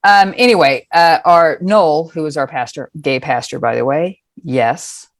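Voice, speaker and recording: A woman's voice: low-pitched, a little slow, no room sound. A woman in her fifties, a guest, telling stories in a frank, rambling and salty way. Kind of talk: casual storytelling.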